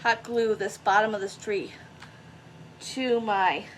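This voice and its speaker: A woman's voice: mid-range voice, fairly even intonation, slow pace, a little hiss or hum. A woman chatting through a craft tutorial, self-deprecating and talking straight to her viewers. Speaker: craft vlogger.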